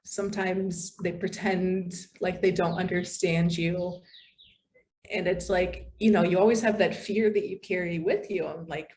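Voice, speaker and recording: A woman from the United States, a podcast guest, telling stories in a chatty, animated way with many fillers. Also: fairly low pitch, unhurried, slight background noise. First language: English. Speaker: podcast guest, content writer. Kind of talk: casual interview chat.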